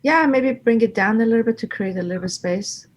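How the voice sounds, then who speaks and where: A woman instructor giving live design critique, with encouraging, gently directive feedback. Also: on the high side, a little fast.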